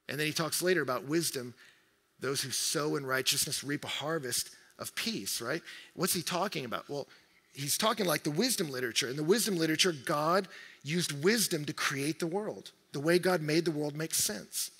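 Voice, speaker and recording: A male pastor preaches with a very bright, forceful voice that sits a little high for a man. He delivers the sermon in an animated way, acting out quick quoted voices. His voice rings with the long reverb of a large church hall. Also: breathy edge.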